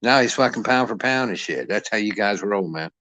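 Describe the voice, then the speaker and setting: A man's voice: fairly low pitch, expressive, brisk, pushed and bright, no echo. A middle-aged man ranting about boxing in a cantankerous, foul-mouthed, mocking way. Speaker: boxing commentator. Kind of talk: profane ranting commentary.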